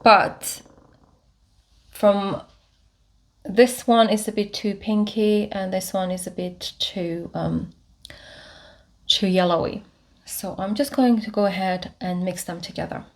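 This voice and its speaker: A woman giving a casual makeup tutorial to camera, talking through each step with frequent pauses, fillers and restarts. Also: mid-range voice, steady tone. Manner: unhurried, many fillers and restarts while demonstrating. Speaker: beauty vlogger.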